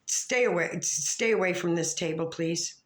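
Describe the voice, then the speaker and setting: A confrontational woman vlogger rants at the camera, swearing freely and tripping over her own restarts. Her voice sits a little low for a woman, and it drops into mutters before it jumps up sharply. The room around her is bare and echoey. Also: a little slow. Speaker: vlogger calling out other creators. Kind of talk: rambling profane rant to camera.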